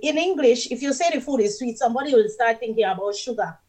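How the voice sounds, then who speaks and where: A woman's voice: fairly high pitch, fast, darkish tone. A woman with a Jamaican accent, a radio guest who explains things patiently in casual chat, giving examples as she goes.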